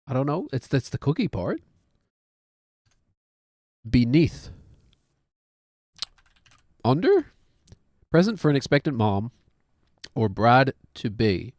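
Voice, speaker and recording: Casual New Zealand streamer in his thirties, unhurried delivery, dry close mic, chatty self-mocking humor. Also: medium pitch, a little mellow, no echo. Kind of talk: casual game commentary.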